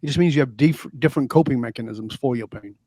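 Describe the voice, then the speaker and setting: A man's voice: mid-range voice, quick pace, warm tone, no echo. Emphatic man with a dry sound. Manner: emphatic, preachy storytelling. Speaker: guest. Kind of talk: interview conversation.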